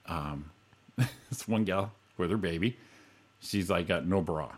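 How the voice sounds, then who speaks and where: A man's voice: low voice, unhurried. A man in his forties hosting a morning radio show, telling stories in a rambling, profane, grumpy-humored way. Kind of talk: casual radio banter, storytelling.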